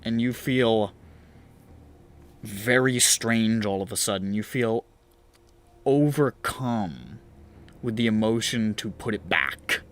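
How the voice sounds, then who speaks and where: A man's voice: lowish voice, expressive, slow pace, pauses often. A man narrating as game master in a tabletop game, rambling and swearing casually as he describes scenes.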